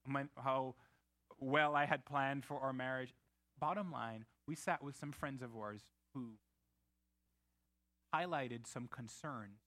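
A man preaching a sermon in a bright, forceful voice that sits a little high for a man. He talks conversationally, tells stories from his own life and keeps asking the congregation questions. The sound is close and dry. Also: no echo. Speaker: pastor.

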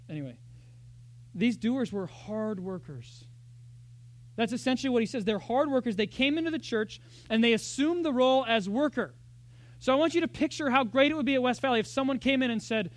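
A man with a high voice preaches a sermon in a church. He talks in a lively, conversational way and keeps asking the congregation rhetorical questions. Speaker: pastor.

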